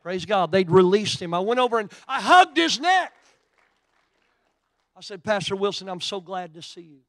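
A middle-aged man from Oklahoma with an Oklahoma accent, preaching a sermon and telling a story, shifting from quiet asides to loud, emphatic preaching. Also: high-pitched, lively intonation, moderate pace, dry recording. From Oklahoma, USA.

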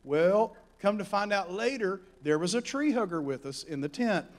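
A man preaching a sermon, telling Bible stories in an animated way that swings from soft asides to shouting. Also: high-pitched, moderate pace.

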